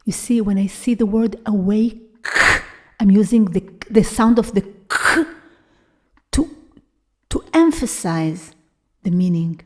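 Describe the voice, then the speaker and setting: A woman giving a live lecture-performance, moving between hushed whispers and loud, drawn-out vocal sounds she repeats for effect. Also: mid-range voice. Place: university hall, live before an audience. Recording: echoey live room.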